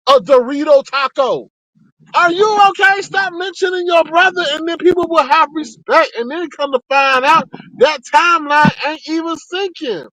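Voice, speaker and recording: A man giving sassy, animated live-stream commentary to his chat. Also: moderate pace, no room sound, rough recording. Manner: sassy and animated, with sharp pitch swings.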